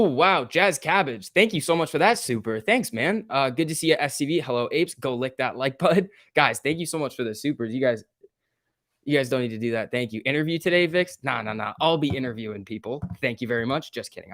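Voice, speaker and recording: A man's voice: mid-range voice, lively intonation, a little fast, a bit bright. A young man hosting a live market stream in a casual, chatty way, reading out prices and greeting viewers by name. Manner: chatty, reads out stock prices and viewer names. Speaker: livestream host.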